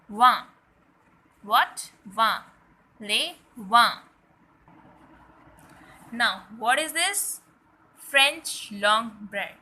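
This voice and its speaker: A woman teaching French words slowly, repeating each one for viewers to say along. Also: fairly high pitch, pushed and bright, rough recording. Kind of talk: French vocabulary lesson.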